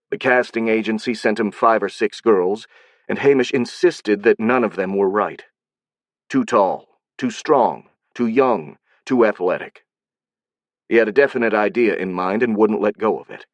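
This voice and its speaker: A man reading an audiobook in a steady, even scripted narration. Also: lowish voice, no echo.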